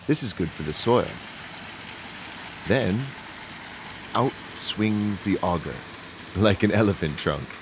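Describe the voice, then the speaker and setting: A man's voice: fairly low pitch, expressive, takes it slowly, long pauses, noisy background. A man narrating a children's video, pointing things out to young viewers in a sing-song way.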